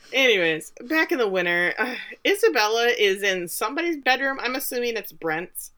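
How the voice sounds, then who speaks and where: A woman co-hosting a podcast, recapping a TV episode in casual chat, chatty and quick to laugh, with lots of "like". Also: fairly high pitch, big pitch swings, sharp tone. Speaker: podcast co-host.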